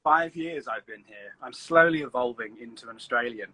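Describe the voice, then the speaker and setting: A man's voice: mid-range voice, moderate pace, pushed and bright, husky, poor audio. A man with an English accent joking in a casual live-stream chat at home. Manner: joking, playful.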